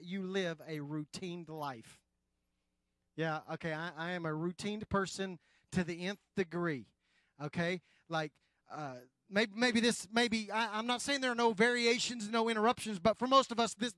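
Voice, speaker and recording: A pastor with a high male voice talks directly to his congregation during a sermon, rising to loud emphasis and dropping to quiet, slow phrases. No room sound is audible.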